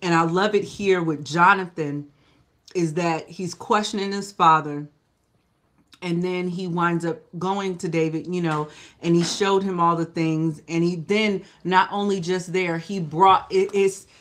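A Bible study teacher leading a live lesson in a relaxed, conversational way, often checking in with "you know?" and sometimes restarting a sentence to fix the wording. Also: mid-range voice, a little slow. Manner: restarts and self-corrections.

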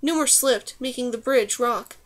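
A woman reading a fantasy novel aloud as audiobook narrator, in an even, measured way. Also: fairly high pitch. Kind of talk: scripted narration.

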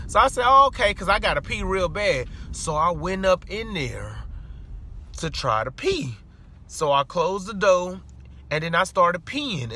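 A man telling an animated story from his car in a casual vlog, breaking off to talk back at other drivers and acting out the people he quotes. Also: fairly high pitch, a little hiss or hum. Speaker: vlogger. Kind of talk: casual storytelling while driving.

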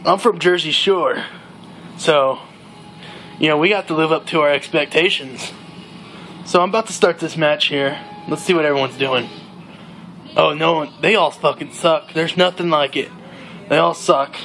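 A man's voice: on the high side, normal speed, long pauses, fairly bright tone, a little hiss or hum. A young man playing a cocky young party-bro gamer who brags in drawling slang during a comedic monologue over gameplay. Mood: boastful bro.

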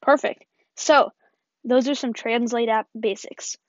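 A woman's voice: a little high, steady tone, measured pace, no echo, muffled recording. Woman, tutorial voice-over, upbeat, step by step, close and dry. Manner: step-by-step, upbeat, often says "perfect". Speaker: tutorial host. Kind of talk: screen-recording app tutorial voice-over.

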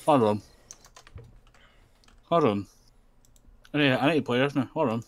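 A man chatting with a friend while playing a game, excitable and animated. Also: mid-range voice, a little slow. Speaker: gamer. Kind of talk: casual chat while gaming.

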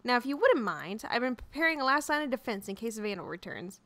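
A woman's voice: on the high side, big pitch swings, quick pace, a bit bright, no echo. A woman reading the lines of a fretful, formal old townsman from a video game.

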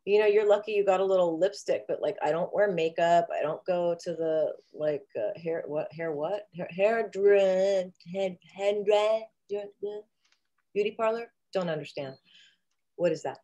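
A woman's voice: fairly low pitch, moderate pace, dark tone, dull audio. A woman guest on a video call, talking casually in a rambling, jokey, theatrical way. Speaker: interview guest.

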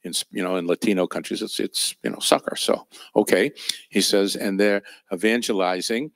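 A man's voice: deep voice, normal speed, vocal fry, a bit bright, dry recording, clean studio sound. A man teaching at a church training session, telling personal ministry stories in a conversational, anecdotal way with fillers and chuckles. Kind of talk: storytelling sermon.

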